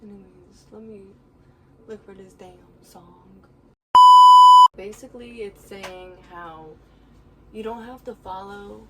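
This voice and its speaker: A woman's voice: mid-range voice, slow, pauses often. A young woman vlogging outdoors, giving a casual, rambling motivational rant full of swearing and laughing asides. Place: outdoors near home, birds around. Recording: distant mic with faint background noise.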